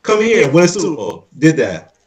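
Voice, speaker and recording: A man chatting about sports on a podcast, his pitch swinging up and down as he talks. He repeats himself and leans on slang. He sounds distant from the mic, and the room echoes. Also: normal speed. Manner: animated, repeats phrases, slangy. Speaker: podcast co-host. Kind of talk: casual sports chat.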